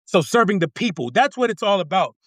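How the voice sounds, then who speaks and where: Fired-up man, high bright voice. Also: sing-song, fairly quick, dry recording. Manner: passionate, repeats himself, swears. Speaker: congressional candidate guest. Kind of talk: fired-up casual talk.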